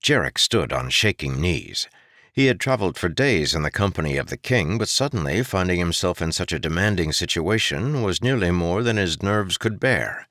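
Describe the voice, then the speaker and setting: A man reads a fantasy audiobook in a very low voice. His delivery moves expressively up and down as he tells the story. The studio sound is close and dry. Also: expressive, moderate pace, a bit bright, dry recording. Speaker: audiobook narrator. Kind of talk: scripted fantasy audiobook narration.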